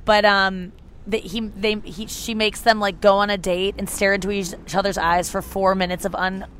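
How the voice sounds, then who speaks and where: A young woman hosts a podcast, chatting casually in a medium-pitched, fairly bright voice with little pitch movement. She speaks at a moderate pace, rambling and cutting herself off, over slight background noise.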